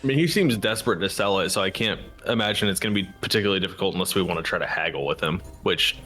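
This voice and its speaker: A man with a lowish voice talks quickly as a player in a tabletop game. He jokes and riffs on the group's bits. Faint music runs behind him. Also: sharp tone. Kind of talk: casual chat at a game table.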